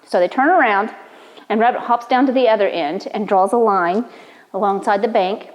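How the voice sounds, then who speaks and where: A woman's voice: medium pitch, moderate pace, highs cut off. Woman telling a folk tale, echoey. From Cherokee Nation, Oklahoma. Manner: relaxed, conversational, playful. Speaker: storyteller. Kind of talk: oral storytelling.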